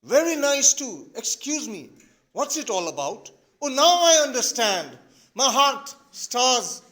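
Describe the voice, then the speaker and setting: A man's voice: extremely high pitch, big pitch swings, slow pace, pushed and bright, voice pushed up, exaggerated voice. A man voicing an anxious, hypochondriac young landowner, gasping and overwrought. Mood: dazed.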